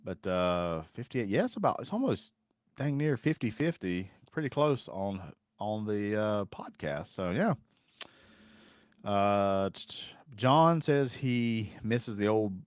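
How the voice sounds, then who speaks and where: A man's voice: on the low side, no echo, studio quality. A man hosting a casual live stream, rambling in a folksy way and reading viewer comments aloud. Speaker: host.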